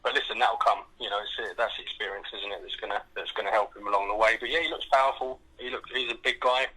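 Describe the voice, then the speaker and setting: A man's voice: on the low side, fairly even intonation, quick pace, sharp tone, slightly rough, rough recording. A man on a boxing podcast panel, chatting casually with lots of restarts and tag questions. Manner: hesitant, repeats himself, ends on tag questions. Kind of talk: casual chat.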